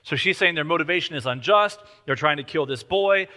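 A man's voice: fairly high pitch, brisk, bright, forceful tone, long reverb tail. A man preaching a sermon, explaining scripture in a conversational, explanatory way.

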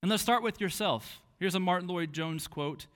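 A man's voice: high-pitched, normal speed, fairly bright tone. A man preaching a sermon, earnest and questioning, who now and then acts out a harsh inner voice. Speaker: pastor.

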